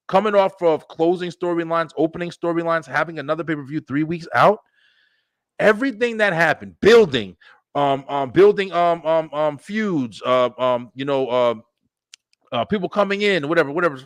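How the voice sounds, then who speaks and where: Excitable high-voiced podcast host man. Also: no echo. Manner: excitable, profane, hyped up. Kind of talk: casual wrestling chat.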